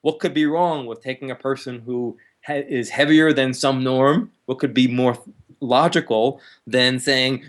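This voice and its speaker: Lively man explaining as interview guest. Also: medium pitch, measured pace. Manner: lively, acts out harsh inner voices with laughs. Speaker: counselor and author, interview guest. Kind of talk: explanatory conversational talk.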